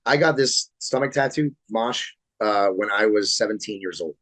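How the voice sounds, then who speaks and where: A man in his thirties from Florida, a pro wrestler telling animated, swear-laced stories as a podcast guest. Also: lowish voice, measured pace, no echo, rough recording. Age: 30s. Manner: animated storyteller, swears freely. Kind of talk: casual podcast interview storytelling.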